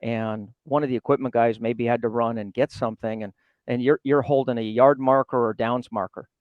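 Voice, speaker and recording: Animated older man telling stories. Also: medium pitch, fairly quick, dry recording, narrow, tinny audio. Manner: animated storyteller, laughs often, mimics others. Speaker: retired athletic trainer, guest. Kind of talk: casual storytelling interview.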